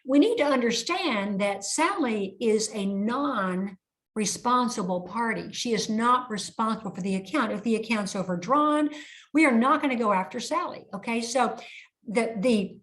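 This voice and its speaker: An older woman leading an online compliance training for bankers, telling anecdotes and acting out dialogues in a lively way. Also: a little high.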